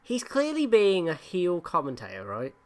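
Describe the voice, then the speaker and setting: A woman co-hosting a podcast, talking in a casual, halting way, blunt and sweary, often restarting her sentences. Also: fairly low pitch, huge pitch swings, a crowd in the background. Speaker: podcast co-host. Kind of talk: casual chat.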